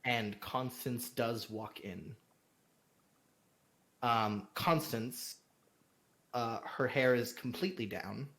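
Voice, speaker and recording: A man narrating a tabletop role-playing game as game master, animated and often laughing. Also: mid-range voice, takes it slowly, pauses often.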